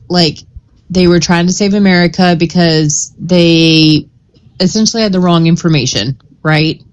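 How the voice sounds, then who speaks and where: A woman on a live stream panel asking slow, probing questions, with fillers as she thinks. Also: lowish voice, fairly even intonation, low-quality recording. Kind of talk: political debate questioning.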